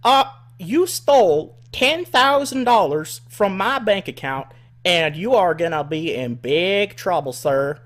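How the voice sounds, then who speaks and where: Guy putting on a squeaky high arkansas lady on the phone, slow and accusing, says everything twice. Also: animated, fairly bright tone, exaggerated voice. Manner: shrill, slow, accusing, repeating herself. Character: flustered redneck woman on the phone, Arkansas.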